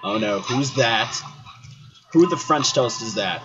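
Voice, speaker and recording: Male gaming commentator, excitable and animated, dull lo-fi mic. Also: medium pitch, takes it slowly. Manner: excitable, yells at the characters, swaps swears for silly words. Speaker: gaming YouTuber. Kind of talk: horror game commentary. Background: game music.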